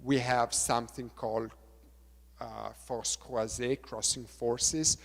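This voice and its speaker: A middle-aged man with an Italian accent, a choreographer lecturing on dance technique, halting and repeating words, counting beats aloud. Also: mid-range voice, steady tone, creaky. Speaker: choreographer giving a talk. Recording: reverberant lecture hall.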